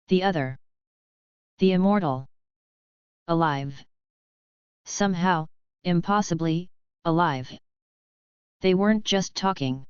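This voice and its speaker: A woman reads a fanfiction audiobook at an unhurried pace in a low-set, very crisp voice. The sound is dry and a little dull and lo-fi, with no room around it. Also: no room sound. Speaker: audiobook narrator. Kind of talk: first-person fanfiction audiobook narration.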